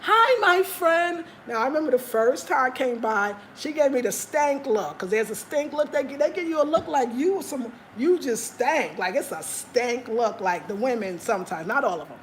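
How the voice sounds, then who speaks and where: Chatty woman host, slightly high voice. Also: normal speed, few pauses, slight background noise. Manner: candid, animated, talks straight to viewers. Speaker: livestream host. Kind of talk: casual chat reading viewer comments. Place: home in Ghana.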